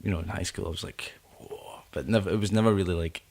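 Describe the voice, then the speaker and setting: A man's voice: low-pitched, fairly even intonation, racing, creaky, a little mellow. A Scottish man with a Scottish accent, a singer-songwriter guest chatting casually in a rambling, laid-back way. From Scotland. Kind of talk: casual chat.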